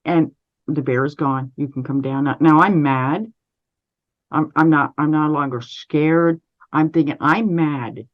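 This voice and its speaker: Canadian woman telling a story over lo-fi audio. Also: low voice. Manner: measured and steady, with frequent restarts. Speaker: interview guest. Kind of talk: recounting a personal story.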